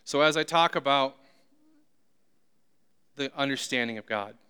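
A man's voice: medium pitch, a little slow, pushed and bright, clean tone. A man preaching a sermon who tells humorous, self-deprecating stories. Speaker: pastor.

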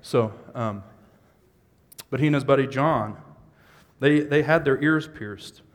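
A man's voice: mid-range voice, slow pace. Impassioned male pastor in a reverberant hall. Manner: builds from conversational to impassioned shouting. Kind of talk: sermon.

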